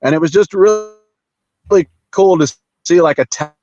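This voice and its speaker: A man as a guest in a casual chat about comics, talking haltingly with many fillers and frequent chuckles over a video call. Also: high voice, a little mellow, no echo. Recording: dull dry video call audio.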